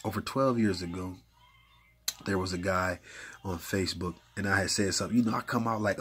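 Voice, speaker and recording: A man talking casually about faith and prayer, conversational and full of fillers, getting animated as he retells stories. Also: deep voice, moderate pace, husky. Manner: conversational, uses many fillers like "you know what I'm saying"; gets animated and hyped when retelling stories. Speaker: faith speaker.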